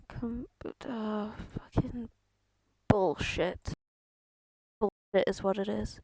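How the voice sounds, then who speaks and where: Speaking slowly and pausing often, a woman streaming a game sounds gravelly, slightly rough, and darkish, at medium pitch with fairly even intonation. She's casual but exasperated, swearing frequently and poking fun at herself, while a close headset mic captures her breathing with no room sound.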